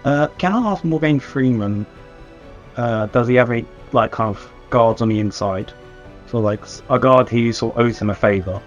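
A man's voice: medium pitch, moderate pace, faint music behind. A man playing a tabletop game, asking the game master questions, on a dull lo-fi recording. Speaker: player. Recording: dull, lo-fi sound.

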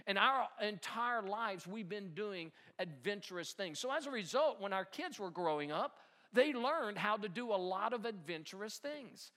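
Middle aged guy pastor, bright high voice, lively storytelling sermon. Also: moderate pace. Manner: animated storytelling with laughs, dropping soft for the message.

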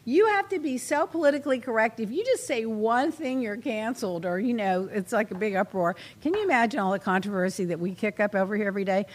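A woman's voice: fairly high pitch, lively intonation, fast, few pauses. A woman hosting a casual chat show, chatty and opinionated, laughing as she reads out jokes. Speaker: host.

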